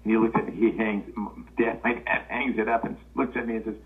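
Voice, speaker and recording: A man's voice: fairly low pitch, a little fast. An older man from Los Angeles, a guest telling old stories and acting out the voices of the people in them. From Los Angeles, California. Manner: relaxed anecdotal storytelling, acting out quoted voices. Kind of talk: storytelling interview. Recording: tinny phone-line sound.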